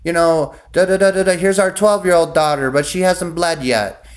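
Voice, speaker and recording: A man's voice: a little high, moderate pace, pitched above the performer's own voice, lightly acted. A man putting on the voice of a fawning noble father eagerly listing what he offers.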